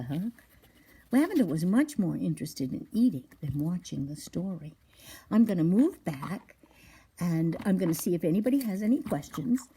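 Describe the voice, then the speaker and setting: A woman hosting an animal rescue livestream, reading a children's story aloud with a gentle, chatty delivery. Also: mid-range voice, a little hiss or hum.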